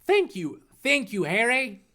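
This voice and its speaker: A man's voice: extremely high pitch, big pitch swings, measured pace, bright, forceful tone, voice pushed up, full character voice. Man doing a timid boy sidekick. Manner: timid, eager.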